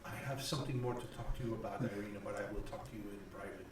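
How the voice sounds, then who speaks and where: A man voicing a kindly older male village priest, gentle, earnest and halting. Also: fairly low pitch, fairly even intonation, background noise, lightly acted. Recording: echoey room from far off.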